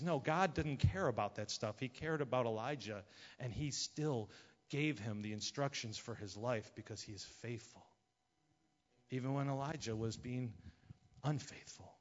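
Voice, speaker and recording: A man, a pastor preaching a sermon, impassioned and swinging between loud and hushed. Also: medium pitch, moderate pace. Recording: dull lo-fi sound with long hall reverb.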